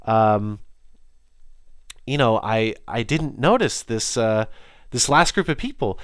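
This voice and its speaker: A jolly, generous God speaks in an offhand, chatty way, as a man puts him on while telling a story. The voice sits fairly low and sounds smooth and clear. It is recorded dry and close, with no room sound. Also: animated, slow pace, dry recording. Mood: surprised, generous.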